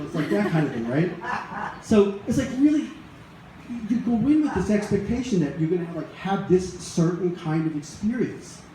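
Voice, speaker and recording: Middle-aged guy rambling through a story to a crowd, kinda high mellow voice, super echoey hall. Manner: conversational, rambling, many restarts and asides. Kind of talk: personal storytelling to a live audience. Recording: very echoey room, faint ambient noise.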